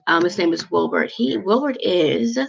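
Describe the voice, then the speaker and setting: A woman's voice: on the low side, lively intonation, normal speed, creaky, highs cut off. A woman in her forties telling a personal story to camera in a chatty, rambling, emotional way with lots of fillers. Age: 40s. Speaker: vlogger.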